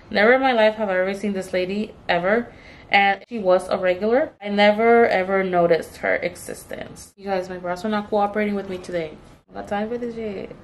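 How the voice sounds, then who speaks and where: A young woman telling a story about her job in a casual, chatty way while doing her makeup, acting out the lines in a raised voice and swearing now and then. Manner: animated, acts out the customer's lines with raised pitch; swears casually, addresses viewers as "you guys". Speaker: beauty vlogger telling a story.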